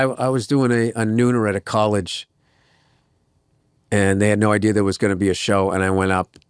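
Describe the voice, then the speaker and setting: A man's voice: on the low side, clear, resonant tone, no echo, clean studio sound. A man, a stand-up comedian, telling rambling, profane stories in casual chat and acting out the voices of the people in them. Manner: rambling, profane, trails off into asides. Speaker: stand-up comedian, interview guest.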